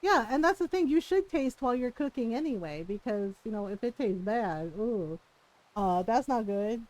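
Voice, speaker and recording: A woman's voice: a little high, animated, normal speed, a little mellow. A woman streaming a game, chatting casually and telling stories, acting out what her family said. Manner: chatty anecdotal storytelling, acts out family quotes. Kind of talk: casual live-stream chat while playing.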